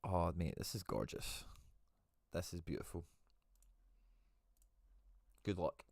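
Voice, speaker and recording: A man's voice: low-pitched, lively intonation, slow pace, gravelly, a little mellow, no echo, studio quality. A man hosting a live stream, chatting casually and thinking aloud as he answers viewer comments. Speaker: host.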